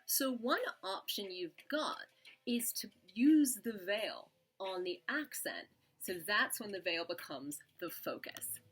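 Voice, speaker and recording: A woman from the UK teaching a dance lesson, explaining in a relaxed, casual way with some filler words. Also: medium pitch, slow, slightly rough. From United Kingdom. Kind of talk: casual instructional talk.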